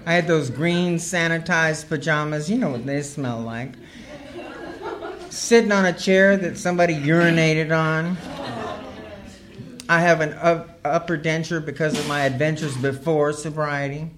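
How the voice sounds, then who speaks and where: A woman's voice: low-pitched, fairly even intonation, a little slow. A woman sharing her recovery story as humorous personal storytelling, earthy and wry, laughing as she goes.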